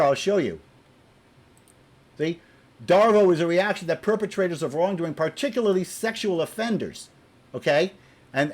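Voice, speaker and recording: A man with a notably high-pitched voice delivers a heated, profanity-laced rant to his viewers. He sounds exasperated, stumbles and repeats phrases as he gets worked up, and lurches between loud outbursts and quieter muttered asides. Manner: profane, exasperated, repeats himself when angry. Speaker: video blogger. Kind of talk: heated opinion rant to camera.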